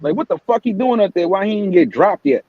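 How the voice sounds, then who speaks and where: On a casual live-stream morning show, a high-voiced male host rants heatedly and swears freely, expressive and quick. The dry recording sounds a bit dull, its highs rolled off.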